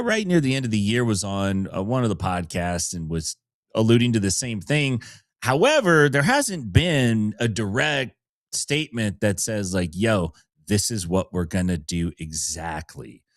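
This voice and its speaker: A man's voice: mid-range voice, no echo. A man co-hosting a grappling podcast as a coach, chatting casually and wryly with laughs mixed in. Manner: wry, joking, laughs while talking. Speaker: podcast co-host and jiu-jitsu coach.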